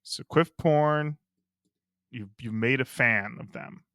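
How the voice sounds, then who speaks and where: Gravelly, laid-back male podcast host. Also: medium pitch, slow pace, pushed and bright, no room sound, clean studio sound. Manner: laid-back, reads listener comments aloud. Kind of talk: casual music podcast chat.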